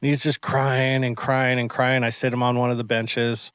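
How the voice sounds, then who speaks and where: A martial arts instructor hosting a casual podcast, telling animated stories and acting out the people in them. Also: male voice, mid-range voice, normal speed, smooth, no echo. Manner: animated storyteller who acts out the people in his stories.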